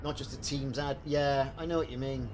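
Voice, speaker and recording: A man's voice: mid-range voice, steady tone, fairly quick, background noise. A man chatting casually while live-streaming a game, rambling and answering viewers. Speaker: livestreamer.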